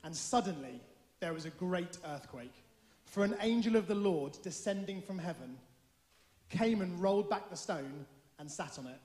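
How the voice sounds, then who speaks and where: Male scripture reader, high voice, formal measured reading, echoey hall with long reverb. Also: expressive, darkish tone. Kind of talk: liturgical Bible reading.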